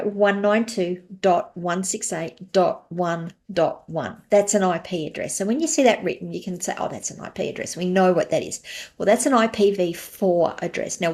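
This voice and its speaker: A woman with a fairly low voice hosts her own podcast. She talks through technical ideas in a relaxed, conversational solo explainer style and reaches for everyday comparisons. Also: creaky. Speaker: podcast host.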